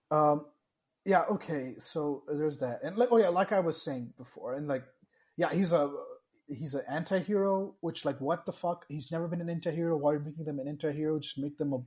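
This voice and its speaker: A man's voice: on the high side, darkish tone. A man co-hosting a casual podcast chat, ranting with exasperation and swearing often. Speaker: podcast co-host.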